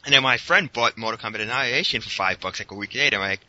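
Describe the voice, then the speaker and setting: A man's voice: medium pitch, racing, noisy background. A man co-hosting a podcast, chatting casually about a movie, rambling with fillers and laughing often. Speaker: podcast co-host. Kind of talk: casual movie review chat. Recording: dull lo-fi recording.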